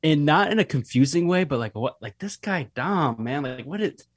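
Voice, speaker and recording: A man's voice: on the high side, animated, moderate pace, no room sound, clean studio sound. A young man, a guest on a podcast, chatting in a loose, rambling way with lots of fillers and the odd curse word. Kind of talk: casual podcast conversation.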